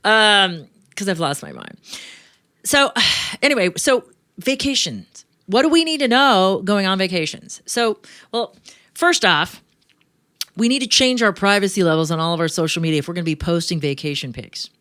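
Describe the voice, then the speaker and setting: A woman hosts a finance chat show in a loose, joking way, tossing off quick asides between her tips. Her voice sits at an ordinary middle pitch. The recording is close and dry, with no room sound. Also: sing-song, a bit bright, no echo. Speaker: show host. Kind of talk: casual radio-show chat.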